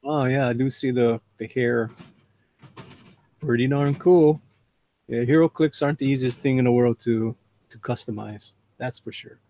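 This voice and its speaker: This man, an artist hosting a live drawing stream, speaks at a normal speed with a warm tone and medium pitch. He keeps things laid-back, chatting casually with guests on the call and reading chat messages out loud.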